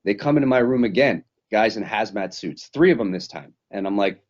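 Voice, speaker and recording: A man with a lowish voice tells his story in a loose, rambling way and swears freely. He sounds like he is on a remote video call. The sound is muffled and lo-fi. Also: a little fast, a little mellow. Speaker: professional fighter. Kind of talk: casual interview recap. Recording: dull lo-fi sound.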